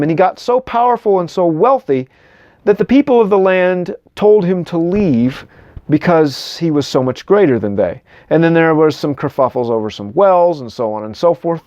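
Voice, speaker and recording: A man's voice: a little high, darkish tone, no echo, muffled recording. A man retelling old scripture stories in casual commentary, with wry asides and frequent restarts. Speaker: Bible commentator.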